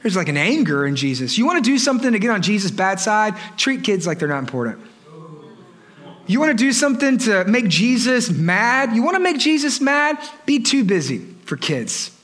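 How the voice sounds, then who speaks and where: A male pastor preaches with playful emphasis and keeps repeating his points. His voice sits fairly high with a bright, forceful edge. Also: very animated, moderate pace. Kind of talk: sermon.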